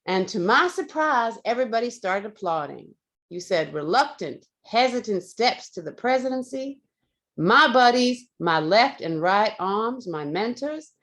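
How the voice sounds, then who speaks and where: A woman's voice: fairly high pitch, animated, measured pace, fairly bright tone. A woman giving an effusive meeting report on a video call, quoting speakers and laughing often. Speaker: meeting grammarian.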